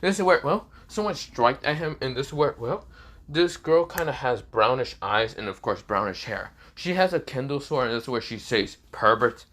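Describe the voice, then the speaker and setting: A man's voice: mid-range voice, animated, normal speed, a bit bright. A man casually narrating a fan-fiction story, rambling with many fillers and swearing now and then.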